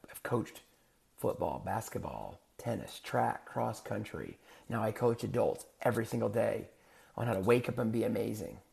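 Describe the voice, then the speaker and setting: Middle-aged male life coach, gravelly timbre, earnest and rhetorical, motivational monologue. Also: mid-range voice, darkish tone. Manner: earnest, repetitive, rhetorical questions.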